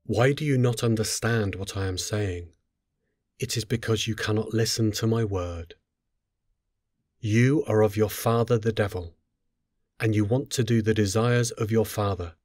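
A man reading scripture aloud in a solemn, measured, unhurried way. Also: lowish voice, a little mellow, dry recording, clean studio sound. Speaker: scripture reader.

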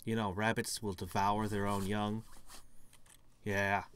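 A man's voice: on the low side, level tone, slow, a bit bright, a little hiss or hum. A man giving casual let's play commentary with wry, joking asides. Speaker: gaming video host.

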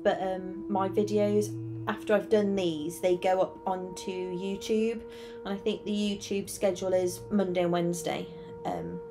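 A young woman talks slowly while she draws on stream, rambling and correcting herself as she goes. She sounds worn out, and her thoughts wander back and forth. Music plays clearly behind her voice. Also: fairly low pitch. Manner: rambling, self-correcting, chatty. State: tired. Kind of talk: casual chat while drawing.

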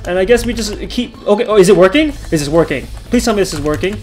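Excitable young man narrating gameplay. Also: high-pitched, fast. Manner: excitable, yelling and laughing at close calls; chatty, talks over his play. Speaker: gaming channel host. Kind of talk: gameplay commentary.

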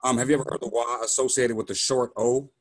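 A man asking quick, tentative questions over a video call. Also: medium pitch, level tone.

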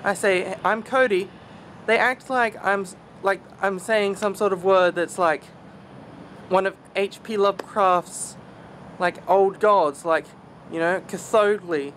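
A young man with a mild Australian accent and a high, bright voice chats casually and self-deprecatingly in a vlog. He speaks slowly with fairly even intonation, using plenty of fillers and trailing asides over slight background noise.

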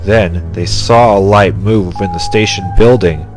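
A man reading a children's story aloud in an even, measured way, with music behind. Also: sits low. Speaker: narrator. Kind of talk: storybook narration.

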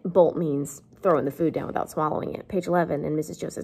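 Woman English teacher walking through a novel, chatty and wry, low voice with gravelly fry. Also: steady tone, quick pace, darkish tone. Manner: chatty, wry, conversational with fillers. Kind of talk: explaining a novel.

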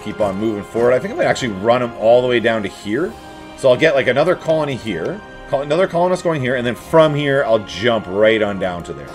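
A man talks his way through a strategy campaign, his voice rising and falling in lively swings. He chats to his troops and enemies with playful asides. Soft music hums faintly underneath. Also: mid-range voice. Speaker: let's play host. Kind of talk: casual strategy game commentary.

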